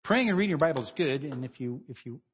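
A man's voice: on the high side, lively intonation, fast, highs cut off, slight background noise. A man preaching a conversational sermon, informal and chuckling, who breaks off and restarts his sentences as he goes. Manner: informal, self-interrupting, chuckling asides.

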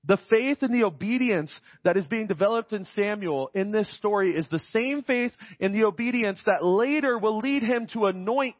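A man's voice: high voice, no room sound, highs cut off. A man preaching a sermon in a conversational way, often checking in with his listeners. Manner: conversational, often adds "right?".

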